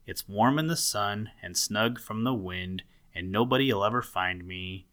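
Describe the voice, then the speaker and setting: A man's voice: on the low side, unhurried, a bit bright. A man doing Nibble, a timid little rabbit. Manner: timid and breathless. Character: small frightened young male rabbit.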